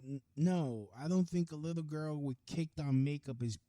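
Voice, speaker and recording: A man hosting his own podcast, delivering a profane, heated solo rant that swings from low mutters to loud outbursts. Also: moderate pace, no echo. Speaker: podcast host. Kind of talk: ranting solo podcast monologue.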